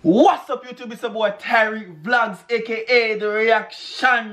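A Jamaican man reacting to music on his vlog, talking excitedly, shouting exclamations and repeating phrases fast. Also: very high voice. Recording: echoey room with music playing.

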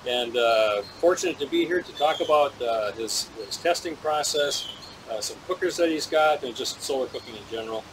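A man's voice: mid-range voice, animated, normal speed, background noise. A man hosting an interview, introducing his guest in a loose, chatty way with many fillers. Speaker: interviewer and show host. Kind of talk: casual interview.

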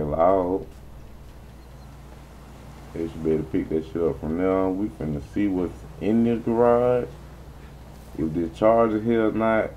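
A man's voice: low-pitched, dark tone, a little hiss or hum, low-quality recording. A man giving rambling, profane gameplay commentary as he talks to his viewers. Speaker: gaming streamer.

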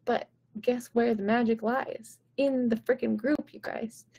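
A woman's voice: fairly high pitch, fairly even intonation, measured pace, warm tone. A woman vocal coach giving casual, encouraging advice to viewers on a live stream, chatty and full of "like" and "right?".

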